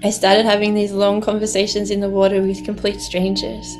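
A woman's voice: medium pitch, monotone, normal speed, darkish tone, faint music behind. A woman telling a personal story in a heartfelt way, laughing often as she talks. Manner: heartfelt, laughs often, speaks of the ocean lovingly.

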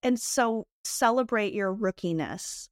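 A middle-aged woman tells her stories with lively, swooping pitch and a quick, animated delivery. The recording is close and dry, with no room sound. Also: no echo. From United States. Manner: lively, animated storytelling with frequent laughter. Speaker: guest, beauty entrepreneur. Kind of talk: candid storytelling in a podcast interview.

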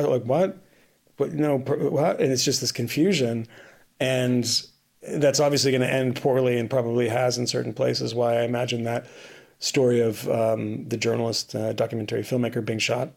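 Gravelly man telling a travel story. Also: mid-range voice, darkish tone. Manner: rambling, many restarts and fillers. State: tired, bleary-eyed. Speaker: podcast co-host reporting from abroad. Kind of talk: casual conversational storytelling. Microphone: remote call-in.

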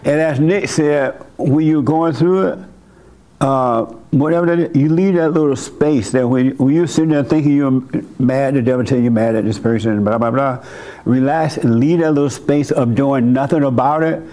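Gravelly older man giving blunt advice. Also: mid-range voice, moderate pace, mellow. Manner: blunt, folksy spiritual advice with chuckles. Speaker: host and church leader. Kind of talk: counseling a congregation member.

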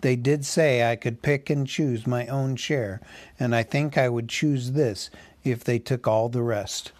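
A man's voice: mid-range voice, fairly even intonation, unhurried, a little mellow, no echo, lightly acted. Timid little male hobbit, anxious and plaintive, as a male reader puts him on. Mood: uneasy. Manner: anxious, rising to cries for help. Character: small timid hobbit burglar, male adult.

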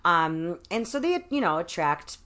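A woman guest on an interview, telling stories in a casual, animated way, with many fillers and restarts. She acts out quotes as she talks. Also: lowish voice, a little slow. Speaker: guest author. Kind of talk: casual conversational storytelling.

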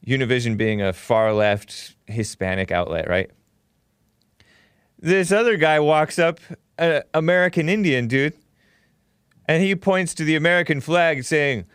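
A man's voice: a little high, unhurried, long pauses, a bit bright, clean tone, no room sound, clean studio sound. A man hosting a call-in talk show, chatting casually, laughing often and reading viewer messages aloud. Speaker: host.

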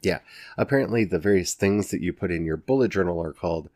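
A man's voice: deep voice, expressive, fast talker, darkish tone, no room sound, clean studio sound. A man in his forties from the Ozarks with an Ozark Southern accent, hosting a casual solo podcast in a chatty, self-mocking way. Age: 40s. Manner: chatty and self-mocking, frequent laughs and restarts. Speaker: podcast host.

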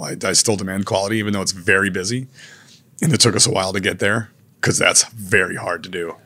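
Male chef in casual interview: low voice, easygoing but blunt, slangy. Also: gravelly, fairly bright tone. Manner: laid-back, blunt, peppered with "man" and "dude", occasional swearing. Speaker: chef and restaurateur.

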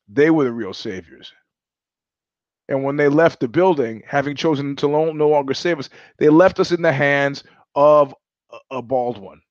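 A man's voice: mid-range voice, no room sound, dull audio. A middle-aged man from New York hosting a live-streamed show, telling stories in a blunt, profane, sardonic monologue. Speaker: host.

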